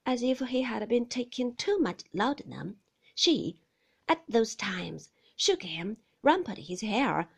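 A woman narrating a classic novel as an audiobook, in a hushed delivery that often drops to a breathy whisper. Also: on the high side, sing-song, slow pace. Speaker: audiobook reader.

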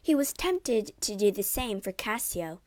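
A woman reads a storybook retelling aloud in a measured, even way. Her pace is slow and unhurried, and her pitch sits in a middle range. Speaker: narrator. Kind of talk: storybook reading.

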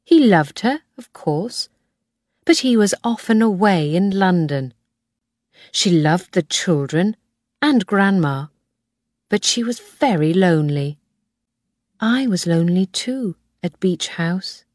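A woman's voice: lowish voice, animated, slow, long pauses, a little mellow, dry recording, studio quality. A woman voicing a friendly young aunt who teaches, in a storybook reading. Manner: friendly and eager.

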